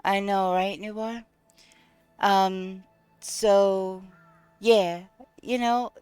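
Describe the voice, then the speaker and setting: A woman's voice: medium pitch, fairly even intonation, slow, darkish tone, clear, resonant tone, no room sound, soft background music. A woman streaming a video game live, chatting casually with viewers, thanking them and talking through her gameplay with frequent ums. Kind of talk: casual live-stream chat while playing.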